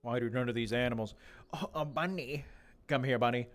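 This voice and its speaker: A man's voice: medium pitch, fairly quick. A young man streaming a game in casual, rambling chatter, joking and talking to animals, his voice a little worn. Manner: rambling, jokey, talks to animals in a mock interviewer voice. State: slightly losing his voice.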